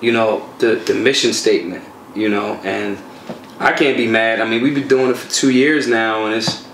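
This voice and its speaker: A man talks in loose, slangy, animated stories, his mid-pitched voice bouncing around a reverberant room. A soft hum of ambience sits underneath. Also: normal speed. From Philadelphia. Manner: animated, streetwise storytelling with slang. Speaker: guest, gun rights activist. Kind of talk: casual conversational interview.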